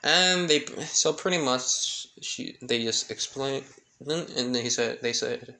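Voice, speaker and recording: A man casually retelling a fan-made story, rambling and halting, stumbling over names as he goes. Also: mid-range voice, sharp tone.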